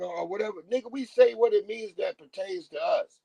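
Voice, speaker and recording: A man running a live-stream rant, loose, profane and mocking, with laughter breaking through often. His voice sits a little higher than most men's. The sound is dry and close, with no room ring. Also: fairly quick, gravelly, few pauses, mellow, no room sound. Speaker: livestream commentator.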